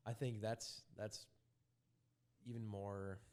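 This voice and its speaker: A young man in a casual chat, earnestly explaining social media marketing and pausing to find his words. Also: fairly low pitch, little pitch movement, a little mellow. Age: young adult. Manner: earnest, trails off and searches for words.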